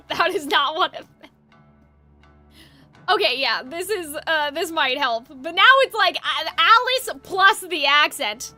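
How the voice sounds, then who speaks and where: Young woman game streamer, chatty and rambling, very high bright voice. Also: expressive, unhurried. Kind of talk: casual game commentary. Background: faint game music.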